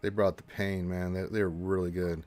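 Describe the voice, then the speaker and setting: A man's voice: low-pitched, little pitch movement, normal speed, crowd noise. A man from Texas hosting a casual gaming live stream, rambling loosely, joking and swearing as he reads out chat.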